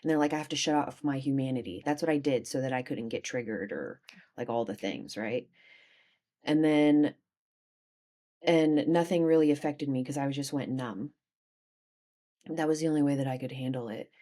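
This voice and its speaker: A young adult woman, a podcast guest, telling a candid personal story, animated, dropping quiet and then bursting out loud. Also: rumbling low, normal speed, long pauses.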